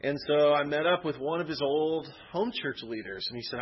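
A man's voice: fairly high pitch, expressive, brisk, few pauses, breathy edge. A man giving an informal Bible teaching, conversational and rambling with personal stories. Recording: dull lo-fi recording.

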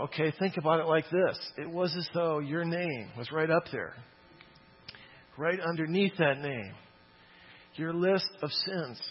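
A man's voice: fairly high pitch, husky, lo-fi sound. A man preaching a sermon in a church, talking in a conversational but emphatic way and often asking "okay?". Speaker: pastor.

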